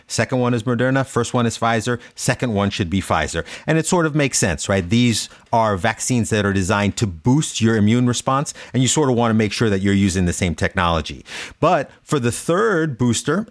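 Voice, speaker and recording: A man's voice: mid-range voice, no echo, clean studio sound. A male doctor co-hosting a podcast, explaining in an easygoing way. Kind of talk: casual chat.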